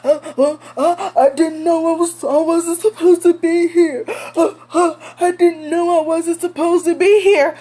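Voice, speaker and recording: A man's voice: very high voice, level tone, unhurried, hardly any pauses, warm tone, pitched above the performer's own voice. A woman putting on a young man caught hiding, stammering and whimpering as he makes excuses. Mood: whiny panic.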